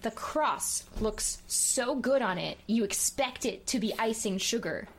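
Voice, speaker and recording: A woman's voice: on the high side, expressive, unhurried, breathy edge. A woman co-hosting a casual podcast chat, playful and self-mocking, rambling through comic rants. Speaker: podcast co-host.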